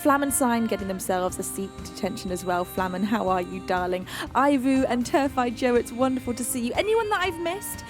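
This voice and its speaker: A woman's voice: a little high, expressive, a little fast, hardly any pauses. A woman from the UK hosting a live music stream, greeting her chat with gushing, affectionate names while recovering from a lost voice. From United Kingdom. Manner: gushing, affectionate, calls viewers beans.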